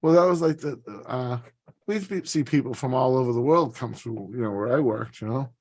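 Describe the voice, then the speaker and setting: A man's voice: mid-range voice, a little fast, darkish tone. A man hosting a podcast in casual chat, rambling and swearing freely. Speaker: podcast host.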